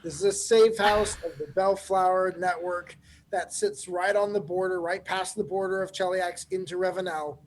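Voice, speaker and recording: A man co-hosting a casual recap chat as a player, explaining things in a relaxed way with some fillers. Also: high voice, normal speed, slight background noise, rough recording. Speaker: podcast co-host and player.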